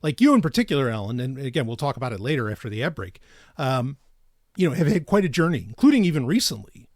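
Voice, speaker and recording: In clean studio sound without room echo, a podcast co-host with a medium-pitched, sing-song voice rambles casually. He cuts himself off, begins sentences again and keeps breaking into laughter.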